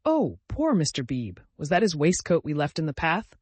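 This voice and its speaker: A fussy older mother, all exclamations and gentle scolding, her voice lifted high and quick to flutter, as a male narrator puts her on. She frets at everyone within earshot, never quite able to stay shocked. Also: huge pitch swings, slightly rough, no room sound, exaggerated voice. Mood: flustered fussing. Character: fussy flustered older mother, middle-class lady.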